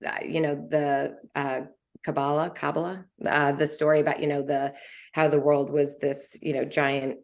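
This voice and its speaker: A woman with a low voice talks through a book with her co-hosts. Her manner is emotive and animated, and her voice jumps upward when she gets excited. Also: moderate pace. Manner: emotive, animated, swings in pitch when enthused. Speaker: podcast co-host. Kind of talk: casual book discussion.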